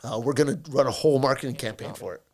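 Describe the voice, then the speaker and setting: A man's voice: medium pitch, very fast, darkish tone. A man in his thirties, a podcast guest in a studio, talking in a rambling, profane, joking way. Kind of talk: casual podcast chat.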